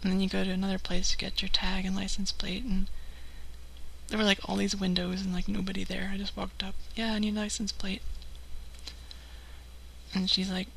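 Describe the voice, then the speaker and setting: A woman from California tells a rambling story in a relaxed live-stream chat. Her voice has a gravelly fry and a bright, forceful edge. She slips into the voices of the people she quotes, with "like" scattered throughout, and a faint noise sits behind her. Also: mid-range voice, fairly quick, long pauses, low-quality recording. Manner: chatty, acts out quoted people, many "like" fillers.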